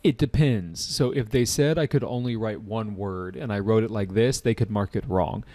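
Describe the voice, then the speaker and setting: An American man teaching an IELTS class online and taking student questions, relaxed and repeating key points. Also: on the low side, moderate pace. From United States.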